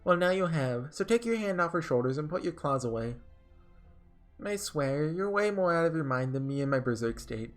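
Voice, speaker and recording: A man's voice: a little high, lively intonation, normal speed, soft background music, voice pushed up, lightly acted. A man reading aloud as a stern, motherly female warrior from a game who shields children. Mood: scolding.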